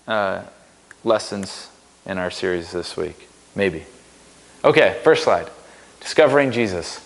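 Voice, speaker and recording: A pastor delivers a casual, upbeat sermon in a church, joking and poking fun at himself. His medium-pitched voice has a fairly bright tone, and the recording carries a big-room sound.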